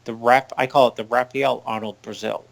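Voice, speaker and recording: A man co-hosting a radio show, chatting casually and teasing his partner with quick interjections. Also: medium pitch, fairly even intonation, gravelly. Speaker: co-host. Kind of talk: casual chat.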